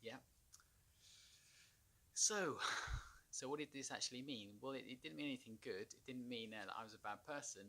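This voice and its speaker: Gravelly man telling a rueful story. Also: mid-range voice, a bit bright. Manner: rambling, halting, with nervous laughs and sighs. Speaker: former marine turned anxiety consultant. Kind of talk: personal storytelling to camera.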